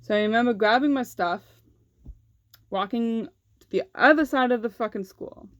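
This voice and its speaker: A woman's voice: fairly high pitch, normal speed, no room sound, highs cut off. Candid young woman vlogger, dry sound. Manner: candid, swears freely, heavy use of "like". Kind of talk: casual storytelling vlog.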